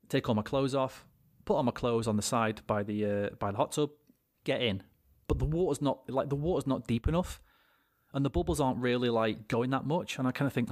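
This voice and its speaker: A man's voice: medium pitch, expressive, brisk, dry recording, clean studio sound. A young British man, a podcast co-host, telling a rambling anecdote with plenty of swearing and restarts. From Britain. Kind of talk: casual storytelling chat.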